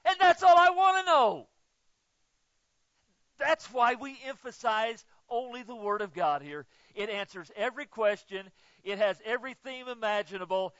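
A man preaching with a high, ringing voice. He moves from loud emphatic bursts to hushed, low asides. The sound is dry and a little muffled. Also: no echo. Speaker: pastor. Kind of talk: sermon.

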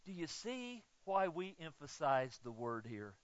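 A man preaching with a high, ringing voice. He moves from loud emphatic bursts to hushed, low asides. The sound is dry and a little muffled. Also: big pitch swings, measured pace, dry recording. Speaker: pastor. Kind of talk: sermon.

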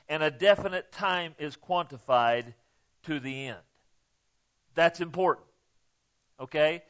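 Slow, emphatic preacher with a higher voice. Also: male voice, muffled recording. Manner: folksy and emphatic, punctuating with "okay?"; swings from quiet asides to loud emphatic peaks. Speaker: pastor. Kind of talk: sermon.

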